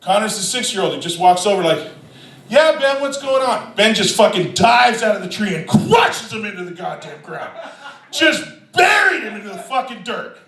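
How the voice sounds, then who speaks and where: A man doing a stand-up comedy set, telling a profane story with shouted quotes, animated and loud. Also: high voice, moderate pace, echoey room, distant mic, low-quality recording.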